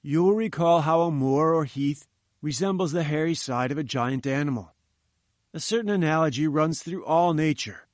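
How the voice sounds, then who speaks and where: A pompous old professor lectures in a slightly raised, self-satisfied voice, as a male reader puts him on. Every phrase is condescending, explaining grand theories to someone he thinks is slow. The recording is close and dry. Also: fairly high pitch, a little mellow, no room sound, close to an everyday voice. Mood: patronizing. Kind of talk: audiobook reading.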